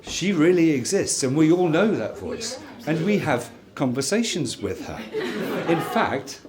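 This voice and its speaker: A man in his sixties giving a jokey wedding speech as the groom, telling stories with lively timing. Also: fairly high pitch, measured pace. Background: laughing wedding crowd.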